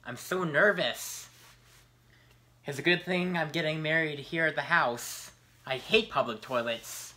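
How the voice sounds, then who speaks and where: A woman's voice: sits low, unhurried, bright, forceful tone. A young woman playing a weepy, nervous older bride. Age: young adult. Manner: tearful and fretful. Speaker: student actor. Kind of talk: amateur stage comedy.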